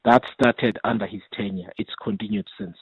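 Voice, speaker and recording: A man, a committee chair, answering interview questions in a measured way and often repeating words as he builds his points. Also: lowish voice, fairly even intonation, no echo. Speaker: parliamentary committee chair, guest. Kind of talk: radio interview over the phone. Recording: tinny phone line, husky and dry.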